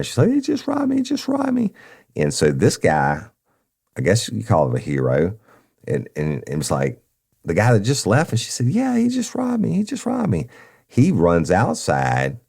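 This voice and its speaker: A man's voice: a bass voice, a little mellow. A man hosting a true crime podcast, telling the story bluntly and profanely in a folksy way. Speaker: podcast host.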